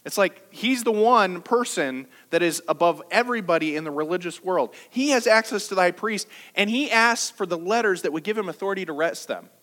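Animated, high-voiced man preaching. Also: fairly quick, hardly any pauses. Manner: lively, conversational preaching with jokes and rhetorical questions. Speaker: pastor. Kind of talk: sermon. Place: church service.

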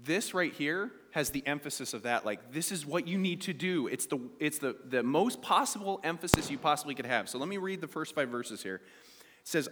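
A man's voice: fairly high pitch, animated, fairly quick, a bit bright, big-room sound. A male pastor preaching a sermon to his congregation, asking them questions as he goes and reading scripture aloud.

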